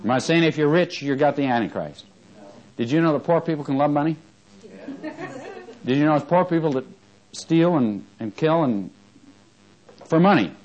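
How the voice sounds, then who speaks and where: A man's voice: expressive, normal speed, long pauses, lo-fi sound. Male preacher in the pulpit, fervent, call-and-response questioning. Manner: swings from fervent rising emphasis to low quiet asides, asks the congregation questions. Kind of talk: sermon.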